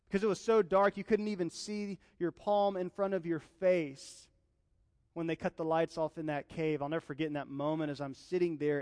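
A man's voice: on the high side, clear, resonant tone, dry recording, in a large hall. A young man preaching a sermon as a pastor, passionate and telling personal stories.

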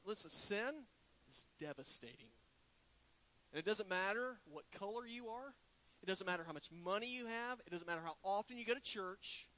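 Male pastor, high bright voice, lilt, dramatic preaching with sudden hushed drops. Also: poor audio. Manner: preaching with dramatic drops to a hush and slow emphatic words. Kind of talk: sermon.

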